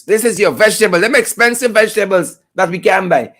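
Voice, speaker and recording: Guyanese accent, sarcastic political host, live-stream commentary, swooping animated pitch, mocking repetition. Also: brisk.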